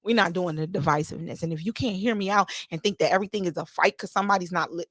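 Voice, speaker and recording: A woman who is an adult with children hosts a casual solo podcast, talking animatedly and sassily to her listeners and firing off emphatic rhetorical questions. Her voice sits on the low side and races along with few pauses, in clean studio sound with no room sound.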